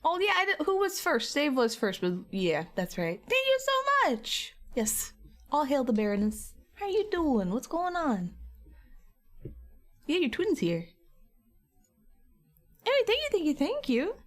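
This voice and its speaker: Woman streamer, high and very animated voice, playful teasing chat, slight cough. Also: a little slow, pauses often. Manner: playful, teasing, laughs often. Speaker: art streamer. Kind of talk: casual chat with live stream viewers while painting.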